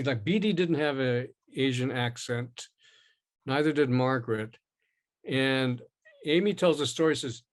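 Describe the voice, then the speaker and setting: Older actor telling rambling stories. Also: male voice, mid-range voice. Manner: rambling, animated, with many restarts and acted-out quotes. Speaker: actor, interview guest. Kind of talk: casual interview storytelling.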